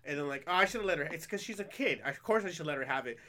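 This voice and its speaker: A man's voice: a little high, animated, rapid-fire, sharp tone, slight background noise. A man telling rambling stories in a casual chat, laughing often and swearing freely.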